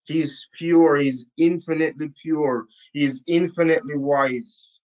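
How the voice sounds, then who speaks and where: A man teaching from the Bible to a camera in a room, slow and emphatic, repeating key phrases for weight. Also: on the high side, steady tone, a little mellow, muffled recording. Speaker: preacher. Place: indoor room.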